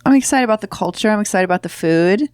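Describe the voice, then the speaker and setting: A woman's voice: medium pitch, lively intonation, fast, a little mellow, dry recording, studio quality. A woman co-hosting a podcast, chatting playfully and slipping into silly voices. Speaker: podcast co-host. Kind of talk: casual chat.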